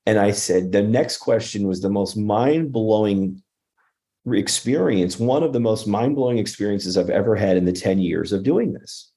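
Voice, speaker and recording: A man's voice: lowish voice, moderate pace, mellow. A man telling a personal story as a podcast guest, earnest, with frequent restarts and acted-out quotes. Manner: earnest, restarts often, acts out quoted speech. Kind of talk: conversational storytelling.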